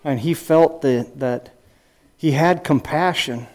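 A man's voice: fairly high pitch, takes it slowly, darkish tone. A middle-aged man preaching a sermon, asking questions and quoting scripture, with frequent restarts and small chuckling asides. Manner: earnest teaching with rhetorical questions and scripture quotes. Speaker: pastor.

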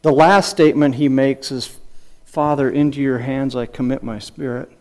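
At normal speed, in a steady medium-pitched tone, a middle-aged pastor preaches. His earnest teaching features rhetorical questions and scripture quotations, with frequent restarts and little chuckling asides.

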